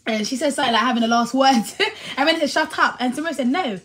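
A woman, hosting a livestream and telling stories in a casual chat, laughing often and quoting friends in animated bursts. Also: high voice, racing. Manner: laughs often, animated retelling with quoted voices. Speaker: livestream host.

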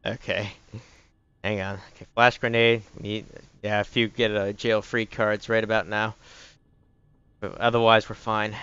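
A jumpy man commentates live on a horror game, muttering to himself, panting, cursing, and yelping whenever something chases him. His voice is lowish and a bit bright with a clean tone. There's no room sound, but the high frequencies are cut off.

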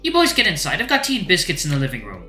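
A man voicing a warm, doting older furry mother figure who speaks with a thick, warm accent. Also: on the high side, huge pitch swings, very fast, echoey room, faint music behind, pitched above the performer's own voice, heavily acted. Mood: fussing, affectionate.

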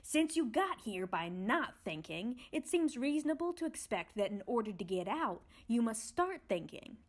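Storybook watchdog, male, gruff and scolding, read by a woman; lively pitch. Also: moderate pace. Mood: stern. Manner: growling, impatient, scolding. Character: gruff male watchdog with a ticking clock body.

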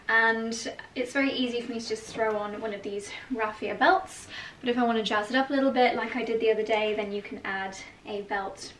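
A woman's voice: on the high side, a bit bright, echoey room, recorded from a distance, a little hiss or hum. A woman vlogging to camera in a chatty, thinking-aloud way. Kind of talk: casual vlog to camera.

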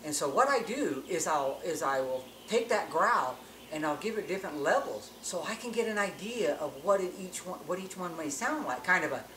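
In a hunting-call tutorial, a man teaches elk calling in a plain-spoken, instructional way, often restarting phrases while he explains. His voice is on the high side, animated and a bit bright, moving at a moderate pace with few pauses, and the recording is echoey with faint ambient noise.

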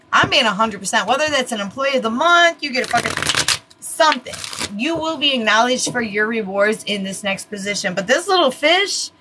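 Woman, tarot reader, bright and higher-pitched, chatty, curses a lot, light background hiss. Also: rough recording. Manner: chatty, swears freely, laughs at herself. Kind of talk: casual card reading.

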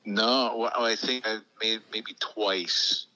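A man's voice: fairly low pitch, fairly even intonation, takes it slowly, bright, forceful tone, poor audio. A man co-hosting a casual chat in a laid-back way, mostly giving short reactions and the odd story. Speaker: podcast co-host.

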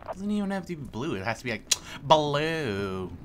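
A man's voice: on the high side, very animated, very fast, heavy background noise. A man giving joking, sarcastic commentary while he plays a video game. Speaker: let's play host. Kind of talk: gameplay commentary. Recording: loud game music behind. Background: game music and sounds.

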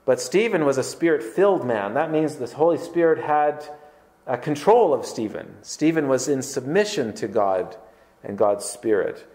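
A man's voice: mid-range voice, animated, normal speed, a little mellow. A man preaching a sermon as pastor, emphatic and conversational, firing rhetorical questions at his congregation. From Canada. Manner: conversational with filler words.

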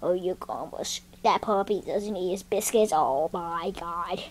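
A woman's voice: on the low side, unhurried, pitched below the performer's own voice. A woman voicing a goofy male puppy who sings and rambles in a silly, sing-song way in a homemade puppet show.

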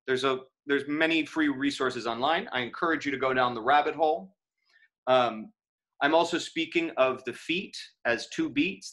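A man giving a relaxed, conversational lecture to students, with frequent fillers and self-corrections. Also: mid-range voice.

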